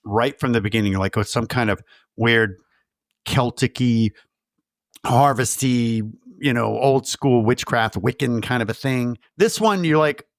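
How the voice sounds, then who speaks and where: A man co-hosting a movie podcast in casual chat, joking and acting out scenes in quick asides. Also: medium pitch, no room sound, clean studio sound. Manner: jokey, acts out characters in quick asides. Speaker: podcast co-host. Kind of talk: casual film-review chat.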